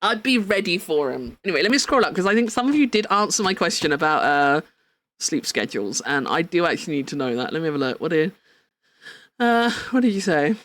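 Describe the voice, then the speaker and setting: A woman chatting casually on a live stream, excitable, swearing and laughing often. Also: fairly low pitch, a little fast. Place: home room at a desk.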